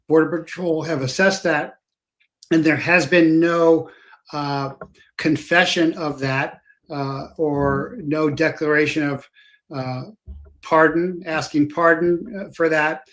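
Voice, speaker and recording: A man, a former federal agent, hosting an interview and talking in a hesitant way, with many pauses and fillers. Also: a little high, fairly even intonation, fairly bright tone. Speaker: podcast host. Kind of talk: conversational interview.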